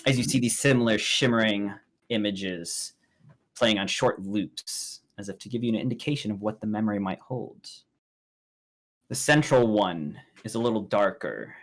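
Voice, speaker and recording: A man's voice: lowish voice, a bit bright. A man running a tabletop game as game master, describing scenes with frequent fillers.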